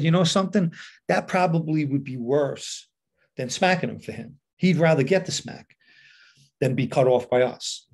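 A middle-aged man tells a story from his past in a loose, casual monologue. He switches into the voices of the people he quotes, so his delivery keeps shifting in speed and loudness. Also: mid-range voice, gravelly, breathy edge. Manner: animated retelling with quoted dialogue. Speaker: podcast host telling a personal story.

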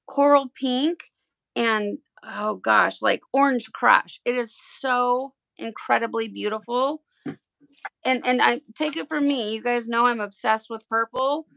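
Gushing woman with a gravelly voice. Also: fairly high pitch, dry recording. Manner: gushing and excitable. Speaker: tie-dye livestream host. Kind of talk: casual livestream chat while unboxing.

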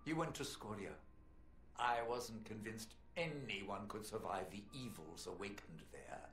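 A man's voice: on the low side, unhurried, a bit bright, a little hiss or hum. An actor playing a serious, resolute male rebel plotting against a ruler in a role-playing game.

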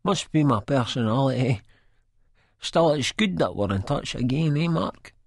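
A man's voice: medium pitch, lively intonation, normal speed, gravelly, no room sound, clean studio sound, pitched above the performer's own voice. A man voicing a meek, battered Scottish man who speaks in a small, muffled voice, eager and hopeful. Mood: eager, plaintive.

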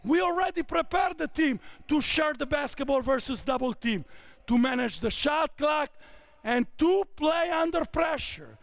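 A man in his fifties with an Italian accent runs a basketball clinic, calling out short, barked commands to his players. His voice sits very high with a lively, swooping pitch and a gravelly edge. He talks slowly between the shouts. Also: no room sound. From Italy. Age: 50s. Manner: barking short drill commands. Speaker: basketball coach. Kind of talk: on-court coaching clinic. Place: indoor basketball court.

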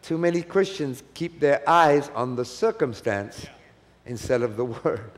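A man's voice: medium pitch, expressive, a little slow. A man preaching a sermon at a church conference, repeating key phrases and calling for the audience to answer back.

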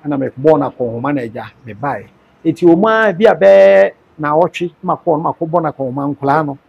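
A man being interviewed, earnestly telling a personal story in a measured way. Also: on the high side, animated, gravelly, darkish tone, husky, muffled recording.

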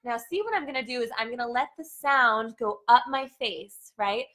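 A woman's voice: a little high, expressive, moderate pace. A young woman teaching a live singing lesson, explaining and demonstrating vocal exercises with a tired voice. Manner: demonstrative, sings and yells sample notes between explanations.

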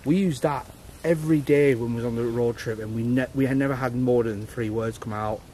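A young man chatting excitedly while camping in the woods at night. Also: mid-range voice, fairly quick, slight background noise. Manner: excitable, talks over others. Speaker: paranormal vlogger. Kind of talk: casual chat.

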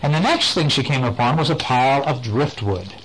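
A man reading a bedtime story aloud to a child, gentle and playful, stopping to point at the pictures and ask questions. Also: mid-range voice, expressive, a little fast, breathy edge, rough recording.

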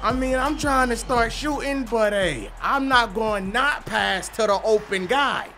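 A man giving excited gameplay commentary, hyping plays and often shouting. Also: very high voice, a little slow, soft background music. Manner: hypes plays with frequent shouting. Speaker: gaming video creator.

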